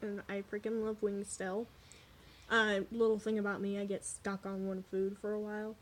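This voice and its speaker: A young adult woman telling a candid, animated story in a casual vlog, swearing freely as she goes. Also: mid-range voice, normal speed, a little hiss or hum. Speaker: vlogger.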